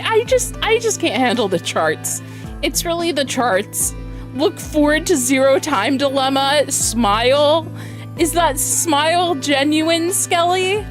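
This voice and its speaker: A woman co-streaming a game, giggling and reading viewer chat aloud. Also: high voice. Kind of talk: live-stream gameplay chat. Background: game music.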